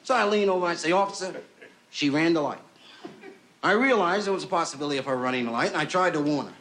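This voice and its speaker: A man performing a stand-up comedy story, acting out the people in it with lively voices. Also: on the high side, fast. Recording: noisy old television recording.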